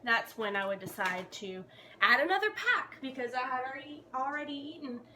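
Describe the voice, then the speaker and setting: A woman's voice: a little high, very animated, normal speed, pushed and bright, a little hiss or hum. A young woman from the American South with no Southern accent, chatting in a bubbly, rambling, self-mocking way while baking. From Georgia, USA. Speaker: vlogger. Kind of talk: casual chat while baking.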